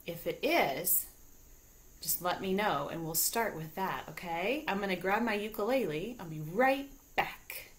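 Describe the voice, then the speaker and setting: A woman's voice: mid-range voice, expressive, a little slow, a little hiss or hum. A woman teaching music to small children, talking to them in a bubbly, coaxing way during a live sing-along stream from home. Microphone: live video stream. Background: ukulele.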